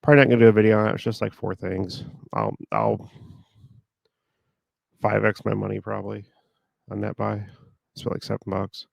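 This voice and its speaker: An online reseller with a gravelly, somewhat low voice rambles casually while working at his computer, speaking in a flat monotone weighed down by a sore throat. He talks briskly but pauses often, and the recording is close and dry.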